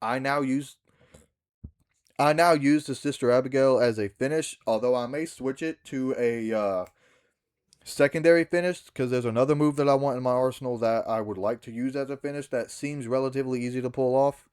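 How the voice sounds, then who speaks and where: A man's voice: mid-range voice, fairly quick, a little mellow, smooth. A young man ranting to camera about a wrestling match finish, swearing and acting out the scene in mocking mimicry. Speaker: backyard wrestler. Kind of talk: ranting vlog monologue.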